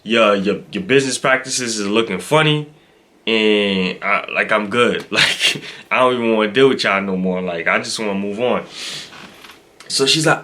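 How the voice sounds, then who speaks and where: A man vlogging casually, telling a story in an animated, exasperated way and repeating himself for emphasis. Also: on the low side, a little slow, pauses often, slight background noise.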